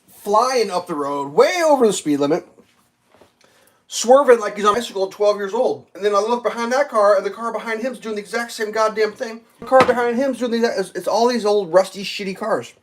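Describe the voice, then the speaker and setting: A live streamer telling traffic stories in a rambling, profane rant, full of "like" and acted-out outbursts. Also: mid-range voice. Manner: profane, ranting, heavy use of "like"; animated, acts out other drivers in loud bursts.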